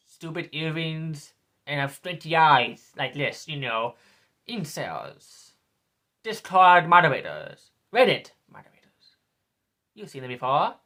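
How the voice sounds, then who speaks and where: A man's voice: on the high side, sharp tone. A man in his twenties delivering a sneering, repetitive political rant as a vlogger. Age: 20s. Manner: sneering, ranting, repeats himself.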